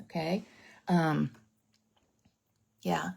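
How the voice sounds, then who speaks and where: A middle-aged woman chatting excitedly through a card-making demonstration, talking straight to her viewers. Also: sits low, very slow, creaky, husky. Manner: bubbly, chatty, exclamatory, talks straight to viewers. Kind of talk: casual craft demonstration, live stream.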